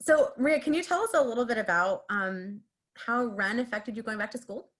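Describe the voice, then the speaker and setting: A woman moderating a panel on a video call, introducing a guest and asking her questions in a slightly halting way. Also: on the high side.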